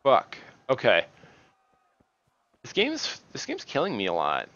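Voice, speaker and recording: A man giving casual, rambling commentary while playing a game, halting and restarting often and swearing at the game now and then. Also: medium pitch, huge pitch swings, fairly bright tone, dry recording, highs cut off. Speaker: gaming video host.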